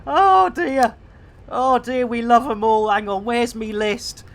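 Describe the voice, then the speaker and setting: A woman chats loosely to her live-stream audience, wandering off into puns and giggling fits. Her voice sits fairly high. She takes her time, talking at a slow, easy pace. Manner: giggly, rambling, punning. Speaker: game streamer. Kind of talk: casual live-stream chat.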